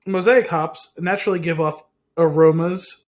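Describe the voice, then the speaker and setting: A man's voice: a little high, fairly even intonation, normal speed. A man co-hosting a podcast in casual chat, stumbling over words as he reads aloud and laughing at himself. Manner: stumbling over reading, self-mocking. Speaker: podcast co-host. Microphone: computer mic at home.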